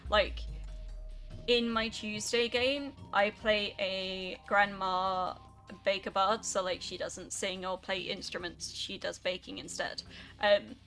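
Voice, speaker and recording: A woman's voice: medium pitch, fairly even intonation, slow pace, fairly bright tone, faint music behind. A young woman, chatting casually and swearing now and then while she streams a video game. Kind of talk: casual rambling while gaming.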